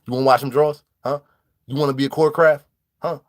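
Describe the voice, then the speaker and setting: A male vlogger with a mid-range, fairly even voice talks fast as he casually tells prison stories. He greets his live viewers and acts out quoted dialogue in street slang.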